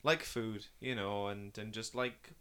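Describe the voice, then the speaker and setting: A young man hosting a casual film chat, rambling with fillers and restarts and bursting into excited impressions. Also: fairly low pitch, measured pace, clean tone. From Northeast England. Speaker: podcast host.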